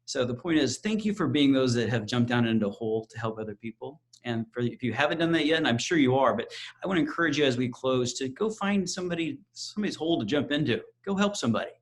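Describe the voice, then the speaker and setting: A man moderating a webinar over a video call, wrapping up with informal, halting remarks full of fillers and restarts. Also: medium pitch, lively intonation, poor audio. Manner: informal, hesitant with fillers and repeated words. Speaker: event moderator.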